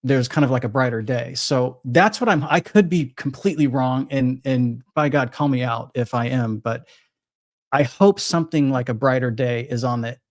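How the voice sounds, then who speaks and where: A man's voice: mid-range voice, moderate pace, no room sound. Rambling man with a dry sound. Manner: rambling, frequent restarts and self-corrections. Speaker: crypto trader guest. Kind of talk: casual podcast chat.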